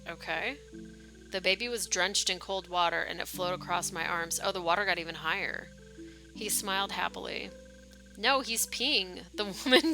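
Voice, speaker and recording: Gravelly and sharp, this medium-pitched woman's voice belongs to a streamer reading a game's narrative aloud. She gives the dialogue small vocal changes and mixes in relaxed asides and live reactions.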